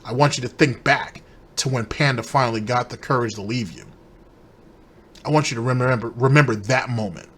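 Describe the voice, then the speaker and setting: A man's voice: medium pitch, a little fast, fairly bright tone, breathy edge. A man hosting a commentary show, delivering a heated, repetitive, accusatory rant aimed straight at one person. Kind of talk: ranting commentary.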